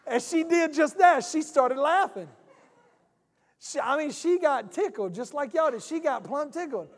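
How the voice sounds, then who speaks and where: Preacher guy, high-ish voice, folksy storytelling, big church echo. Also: a little slow. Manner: folksy, animated storytelling, acts out both sides of a phone call. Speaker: pastor. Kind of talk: sermon with storytelling. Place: church sanctuary. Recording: church hall reverb.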